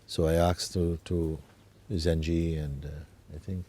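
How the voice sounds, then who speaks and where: A man acting as a spiritual teacher, talking gently and unhurriedly in an informal talk, often adding tag questions like "you see". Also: extremely low pitch, little pitch movement, takes it slowly.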